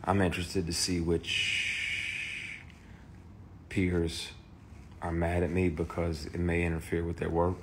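Deep-voiced man telling a raw story. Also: completely flat delivery, takes it slowly, pauses often, noisy background. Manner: emphatic, raw and swearing, with restarts. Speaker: actor. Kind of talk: candid personal testimony.

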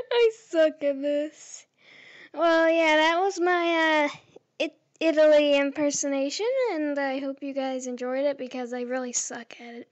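A woman's voice: high-pitched, steady tone, measured pace. A woman vlogger chatting casually to camera, giggly and hesitant with lots of fillers, on a dull lo-fi recording.

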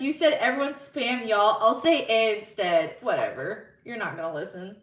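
A woman's voice: medium pitch, lively intonation, normal speed, few pauses, recorded from a distance. A woman live streamer in casual chat, bubbly and giggly as she reads viewer messages aloud. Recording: roomy sound, slightly off-mic.

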